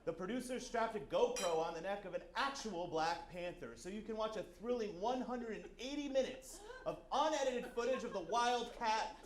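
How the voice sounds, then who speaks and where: A man doing a stand-up bit as a confidently wrong film critic, deadpan, on a stage before a live audience. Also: high-pitched, moderate pace, hardly any pauses. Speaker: comedian playing a film critic. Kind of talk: live sketch comedy. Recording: roomy stage sound with crowd.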